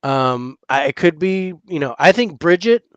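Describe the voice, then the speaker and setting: Halting male co-host, slightly high voice. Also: lively intonation, clean tone, no room sound, muffled recording. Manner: halting, repeats words as he thinks. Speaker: podcast co-host. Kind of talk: casual chat over drinks.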